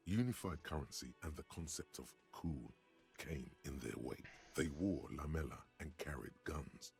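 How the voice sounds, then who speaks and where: A brooding game narrator whose voice sits at the very bottom of the range, rough and gravelly. He speaks slowly and gravely, every line heavy with foreboding, with faint music behind him. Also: a bass voice, animated, darkish tone, exaggerated voice. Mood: ominous.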